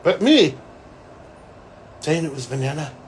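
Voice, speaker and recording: A man, a psychic, talking to camera as he recounts a vision, animated and breaking into excited exclamations. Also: on the high side, unhurried, slight background noise, low-quality recording. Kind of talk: solo talk recounting a vision.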